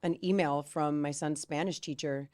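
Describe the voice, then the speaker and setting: Chatty woman with a lowish voice. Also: moderate pace. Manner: animated anecdotes full of "like" and "right?". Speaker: podcast guest. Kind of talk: casual storytelling chat.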